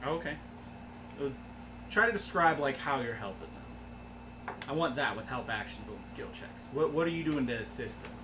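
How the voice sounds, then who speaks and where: A man narrating as game master in a tabletop game, relaxed and laughing along with his players. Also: mid-range voice, normal speed, pauses often. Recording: noisy stream audio.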